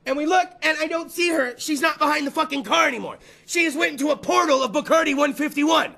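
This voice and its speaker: A male podcast host telling a rambling, profane story in a loud casual chat, repeating phrases and breaking into shouts. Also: very high voice, expressive, fast, creaky, hardly any pauses.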